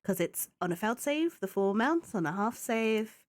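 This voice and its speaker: A woman's voice: medium pitch, expressive, normal speed. A woman running a tabletop game as game master, chatty and loose, with lots of fillers. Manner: chatty, loose, often laughing, filler-heavy.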